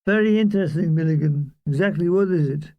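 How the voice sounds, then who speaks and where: A man's voice: fairly high pitch, fairly quick, no echo, lo-fi sound, close to an everyday voice. Man doing an earnest army officer. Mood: polite.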